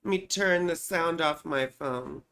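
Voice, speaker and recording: A woman's voice: low voice, a little slow, fairly bright tone, smooth. A woman hosting a casual livestream from home, chatty and rambling, often tagging her explanations with little check-ins to the listener. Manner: rambling, chatty, peppers explanations with "you see" and "right". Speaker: astrologer host.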